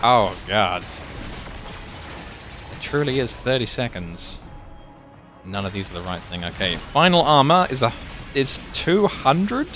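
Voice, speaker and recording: This is a man hosting his own gaming channel, narrating his game live in an easy, think-out-loud manner. His voice sits on the low side yet sounds bright and forward. He swings up and down in pitch with lively, excitable energy. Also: unhurried, long pauses, soft background music. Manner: thinks aloud, excitable outbursts. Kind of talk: live gameplay commentary.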